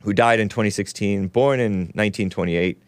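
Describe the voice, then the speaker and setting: A man's voice: on the low side, normal speed, no room sound. A man hosting a casual call-in talk show, rambling and sarcastic, reading news aloud with his own running commentary and stumbling over names.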